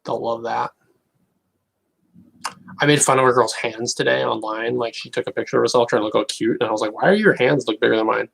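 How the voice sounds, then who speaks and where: A young man talking casually to camera in a rambling, halting, wry way. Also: medium pitch, fairly even intonation, gravelly, slightly rough, rough recording. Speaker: online creator.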